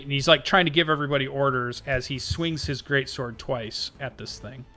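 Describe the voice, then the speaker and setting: Bright-voiced man narrating a tabletop game. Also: mid-range voice, soft background music. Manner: slow, halting narration with many fillers. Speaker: game master.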